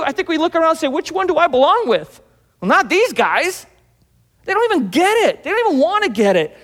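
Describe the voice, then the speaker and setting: High-voiced pastor preaching in a hall. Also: male voice, a bit bright. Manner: conversational, acts out Bible scenes in dialogue. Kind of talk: sermon.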